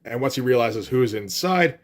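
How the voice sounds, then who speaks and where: A man's voice: medium pitch, lively intonation, moderate pace. A man casually recapping a comic book issue, retelling scenes and quoting the characters in a loose, conversational way.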